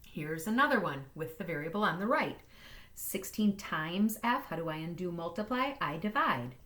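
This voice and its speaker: A woman math teacher walking through inequality problems in a recorded lesson, upbeat and playful, talking fast. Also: fairly low pitch, sing-song, a bit bright.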